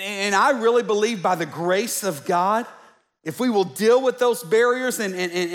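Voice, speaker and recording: High-voiced pastor in a reverberant hall. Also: male voice. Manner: conversational, many repeated restarts, joking asides to the congregation. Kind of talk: sermon. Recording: long church-hall reverb.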